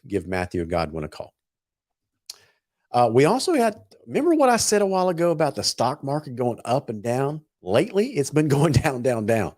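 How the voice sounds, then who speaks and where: A man hosting a casual talk show and reading sponsor messages, excitable and wired on caffeine, tripping over his words. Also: on the low side, no echo, clean studio sound. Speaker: host.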